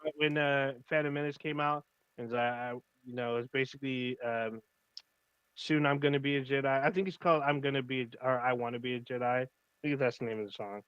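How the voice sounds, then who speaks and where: A man's voice: medium pitch, steady tone, fairly quick, smooth, dry recording, dull audio. A man co-hosting a casual livestream chat, rambling and enthusiastic, swearing freely. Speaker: podcast co-host.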